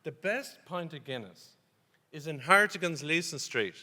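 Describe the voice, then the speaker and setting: A man's voice: fairly high pitch, animated, moderate pace, pushed and bright, long reverb tail. A man with a Dublin accent co-hosting a conference contest, joking and teasing the audience in comic stage banter. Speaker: co-host. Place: hotel conference hall.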